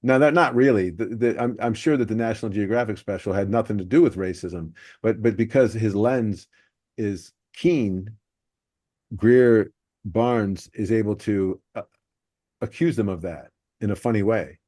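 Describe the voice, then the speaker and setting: A male podcast host with a low, mellow voice, breaking down jokes in an analytical way. The sound is dry and close. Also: moderate pace, no room sound. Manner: analytical, explaining joke structure. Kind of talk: podcast discussion.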